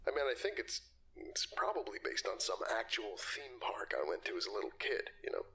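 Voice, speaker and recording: A man voicing a frightened interview subject who recalls a nightmare in a hushed, hesitant, half-whispered way. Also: fairly low pitch, very animated, fairly quick, full character voice. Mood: uneasy. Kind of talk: audio drama reading.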